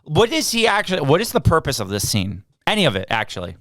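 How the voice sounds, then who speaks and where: A man's voice: on the high side, huge pitch swings, fast talker, fairly bright tone, dry recording, studio quality. A man co-hosting a podcast, recapping a film in casual chat with an exasperated, sarcastic edge. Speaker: podcast co-host. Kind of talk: casual movie review chat.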